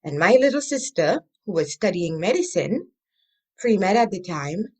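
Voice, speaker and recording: A woman, a coach and interview guest, telling her story in an animated, expressive way. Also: fairly low pitch, measured pace, husky.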